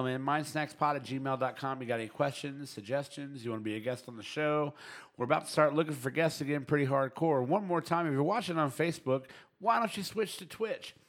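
A man's voice: mid-range voice, a bit bright. A man hosting a live podcast, chatting casually and running through the show's plugs in a loose, joking way. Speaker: podcast host.

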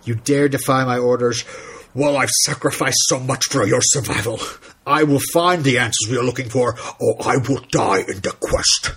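A man's voice: medium pitch, normal speed, fairly bright tone, slight background noise, lightly acted. A man doing a stern General Zod. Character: stern commanding alien general.

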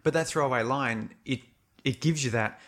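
A man speaks in an even, middle-pitched voice, talking casually about a film. He is thoughtful and searches for his words, often circling back with halting repeats.

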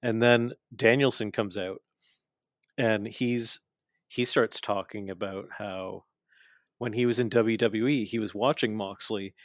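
A man's voice: fairly low pitch, fairly even intonation, a little slow, no echo, studio quality. A man casually recapping wrestling matches with a co-host, telling the action with enthusiasm and acting out the wrestlers' lines. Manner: frequent fillers and restarts.

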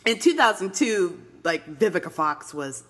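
A woman's voice: on the low side, sing-song, moderate pace, fairly bright tone. A woman co-hosting a casual movie recap, sarcastic, with laughing asides. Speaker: podcast co-host.

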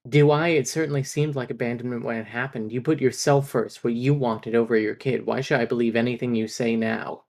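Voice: mid-range voice, fairly even intonation, brisk, few pauses, darkish tone, lightly acted. Hurt teenage boy, bitter and accusing, read aloud by a podcaster, medium voice.

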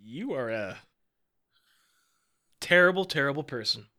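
A man co-hosting a podcast in casual chat, teasing his partner and quick to laugh. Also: medium pitch, lively intonation, pushed and bright. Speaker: podcast co-host.

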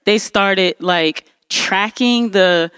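A woman's voice: mid-range voice, extremely slow, clean tone, no room sound. Woman host, casual storyteller, dry close sound. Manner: animated storyteller, shouts when acting out anger. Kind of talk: casual chat.

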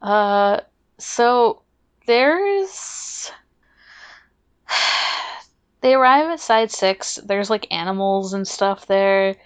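A woman's voice: mid-range voice, very slow, pauses often, clean tone. A woman co-hosting a casual podcast, recapping an anime episode in a laid-back way with fillers, laughs and swearing. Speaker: podcast co-host.

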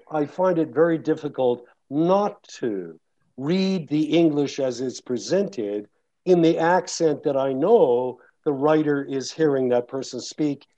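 Man, audiobook narrator, rambling casual talk, warm relaxed tone, muffled lo-fi sound. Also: on the high side. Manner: rambling, with many restarts and fillers. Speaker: audiobook narrator and guest speaker.

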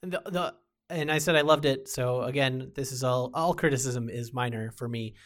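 A man's voice: medium pitch, normal speed, a bit bright. A man chatting casually about TV shows, rambling with many fillers and restarts. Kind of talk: casual chat.

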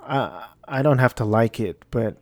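A man talks through a movie review in a casual, rambling way, often unsure of himself. His voice is mellow and unhurried. The sound is dry and close. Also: medium pitch, animated, no echo. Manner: rambling, hesitant, self-deprecating.

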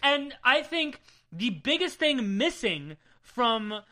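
A woman's voice: on the high side, takes it slowly. A woman co-hosting a podcast, recapping a comic in casual chat, swearing often and laughing as she goes. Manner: swears a lot, animated and laughing. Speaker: podcast co-host.

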